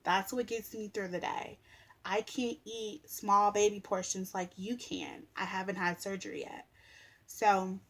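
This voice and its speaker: A woman's voice: medium pitch, fairly even intonation, a little slow, fairly bright tone. Blunt, sassy young woman ranting. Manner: blunt, sassy and exasperated, swears freely. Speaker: vlogger. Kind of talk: casual vlog rant.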